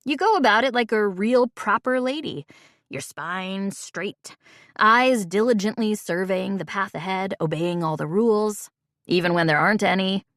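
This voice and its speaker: Audiobook casting: a woman doing a cocky young Irish charmer, teasing and playful, mid-pitched, dry close read. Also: moderate pace, fairly bright tone, no room sound, natural voice.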